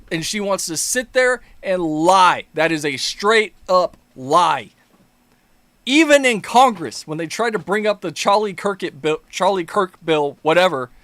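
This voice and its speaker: A man's voice: sits high, fairly bright tone, dry recording. A man hosting his own political commentary video, ranting angrily with heavy profanity and mocking sarcasm. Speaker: commentary channel host.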